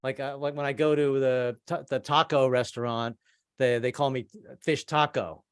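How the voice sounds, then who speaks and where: A man's voice: medium pitch, steady tone, moderate pace, clear, resonant tone, dry recording, studio quality. A man doing a rambling stand-up set over a video call, stammering and repeating himself between jokes. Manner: rambling, stammering, trades in put-on voices. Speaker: stand-up comedian.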